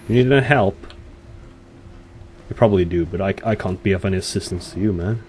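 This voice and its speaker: A man's voice: sits low, fairly quick, long pauses, a little mellow, slight background noise. Jittery swearing young gamer guy. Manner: nervous, swearing, talks to himself and to the characters on screen. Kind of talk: horror let's play commentary.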